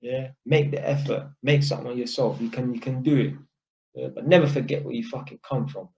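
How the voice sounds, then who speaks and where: A young man with a London street accent speaks bluntly to camera, swearing freely and tagging his sentences with "innit". His voice sits at an ordinary middle pitch. The sound is a little dull and lo-fi. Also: brisk, gravelly, a little mellow. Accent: London (Multicultural London English). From England. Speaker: vlogger. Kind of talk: casual monologue to camera.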